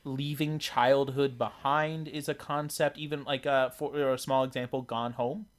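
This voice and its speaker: A man's voice: mid-range voice, fairly even intonation, normal speed. A man co-hosting a casual chat, talking in a rambling way with many fillers and restarts. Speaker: podcast co-host. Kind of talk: casual chat about video games.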